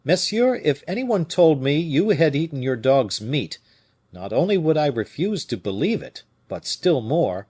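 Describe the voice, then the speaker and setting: Brief: male reader playing a proud, tired musketeer in a storybook, husky, pitched up and animated. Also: exaggerated voice. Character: proud weary musketeer, middle-aged man.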